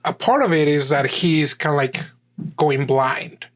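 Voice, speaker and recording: A man's voice: on the high side, a little slow. Stammering man in casual chat. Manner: hesitant, stammering restarts. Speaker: podcast co-host.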